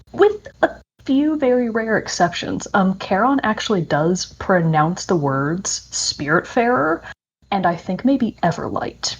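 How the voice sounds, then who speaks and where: A woman co-hosting a podcast, chatting enthusiastically about video games with many fillers. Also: medium pitch. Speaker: podcast co-host. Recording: dull lo-fi audio.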